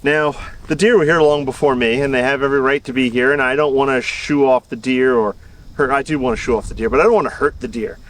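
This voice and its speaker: Rambling gardener, a bit off-mic outdoors. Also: male voice, mid-range voice, steady tone, quick pace, a bit bright, far from the mic, slight background noise. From Southern United States. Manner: rambling, self-deprecating, chuckles often. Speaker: gardening channel host. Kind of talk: casual outdoor video talk.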